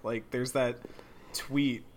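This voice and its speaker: A man co-hosting a casual gaming podcast, talking in an animated way, often laughing and slipping into mock voices for quotes. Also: medium pitch, slow, background noise. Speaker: podcast co-host.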